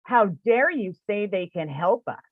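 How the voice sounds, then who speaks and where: A woman's voice: medium pitch, sing-song, measured pace, no room sound, narrow, tinny audio. A woman voicing a stern, disapproving older female customer in a scolding, indignant tone.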